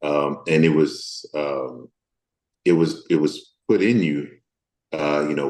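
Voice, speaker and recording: A man from the Deep South of the US, an actor speaking candidly as an interview guest, thoughtful and halting with many fillers. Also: fairly even intonation, a little mellow, roomy sound.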